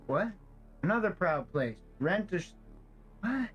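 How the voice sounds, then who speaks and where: A man's voice: high-pitched, sing-song, measured pace, husky, dull audio. A male streamer giving casual gameplay commentary, swearing a lot and ranting in exasperation while overheated in a hot apartment. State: overheated in a stuffy room. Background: faint game music.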